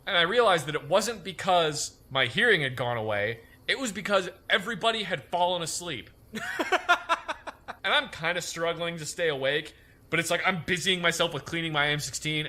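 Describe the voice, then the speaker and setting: A man's voice: fairly high pitch, pushed and bright. A young man telling a funny army story to a group, laughing through his lines. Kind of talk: comic storytelling.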